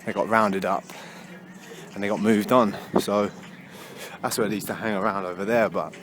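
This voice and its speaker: A man's voice: on the low side, normal speed, long pauses. A young man, chatting casually while he walks and vlogs outdoors, swearing and laughing often. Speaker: vlogger. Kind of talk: casual walking vlog. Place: outdoors on busy town streets. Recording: faint street noise behind.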